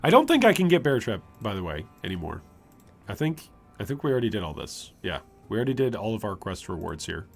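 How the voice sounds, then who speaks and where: A man streaming gameplay, chatty and animated, commenting on his build and answering chat. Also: on the low side, quick pace, vocal fry, breathy edge, faint music behind. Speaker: streamer, game host.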